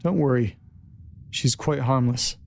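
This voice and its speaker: A man voicing Firebrand, a calm, smug male demigod, speaking in an unhurried drawl. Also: mid-range voice, vocal fry, a little hiss or hum.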